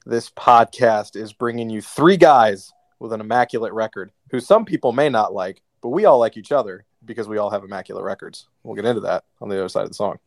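A man co-hosting a podcast, opening the show in a lively, upbeat way and steering casual chat. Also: lowish voice, fairly quick, vocal fry, hardly any pauses, no echo. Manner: upbeat, energetic show opener. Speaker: podcast co-host.

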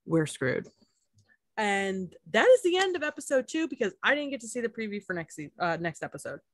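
A woman's voice: fairly high pitch, very animated, fast, no echo. Chatty laughing woman, dry sound. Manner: chatty, laughs often, many fillers. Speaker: podcast co-host. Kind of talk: casual chat recapping a reality show.

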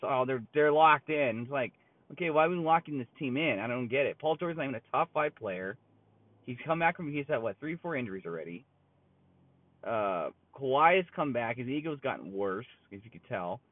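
A man's voice: fairly high pitch, no echo. A man ranting casually about basketball in a blunt, rambling way, full of fillers and restarts. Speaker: sports commentator. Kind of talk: casual sports opinion rant. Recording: tinny phone-like sound, dry.

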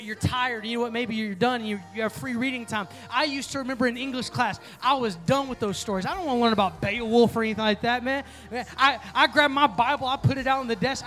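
A young man preaching to a youth group, playful and joking with the crowd, then rising to energetic calls for response. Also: very high-pitched. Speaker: youth pastor. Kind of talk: sermon.

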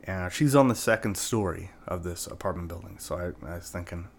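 Man, lowish voice, casual storytelling, rambling, profane, lots of filler words. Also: brisk. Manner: rambling and profane, full of "like" and "right?".

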